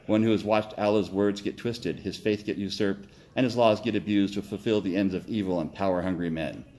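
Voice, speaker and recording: A man voicing a tall, calm male blood-drinking creature warrior who speaks with a heavy accent, in a story read aloud. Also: lowish voice, natural voice.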